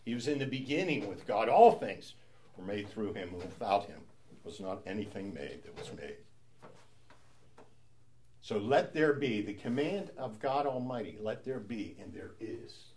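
A man's voice: fairly low pitch, sing-song, unhurried, darkish tone, slight background noise. A man leading a Bible study, explaining scripture in a conversational way and often asking rhetorical questions. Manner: conversational, asks rhetorical questions with frequent "right?".

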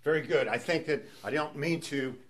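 A man's voice: on the high side, normal speed, fairly bright tone. A man leading a Bible study, explaining scripture in a conversational way and often asking rhetorical questions. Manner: conversational, asks rhetorical questions with frequent "right?".

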